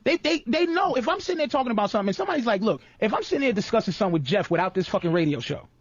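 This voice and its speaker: A radio host man with a strikingly high, lively voice, arguing in a blunt and cocky way at a fast clip. The broadcast audio is dull and dry. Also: dry recording. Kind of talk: heated on-air argument.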